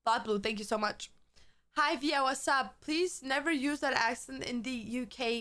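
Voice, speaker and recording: A high-pitched woman from Germany, speaking English. She streams and chats loosely with her viewers, rambling from one thought to the next and cursing casually. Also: moderate pace, bright, forceful tone. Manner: chatty, rambling, swears freely.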